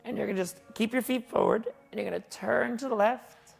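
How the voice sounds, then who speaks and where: A woman's voice: fairly high pitch, brisk, gravelly, slightly rough, soft background music. A woman leading a qigong class with chatty, folksy instructions and asides, in a fitness studio. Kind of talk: guided exercise class. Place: martial arts and fitness studio.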